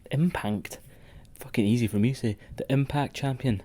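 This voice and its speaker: A man's voice: mid-range voice, moderate pace, mellow. A man co-hosting a wrestling podcast in sweary, rambling casual chat. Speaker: podcast co-host.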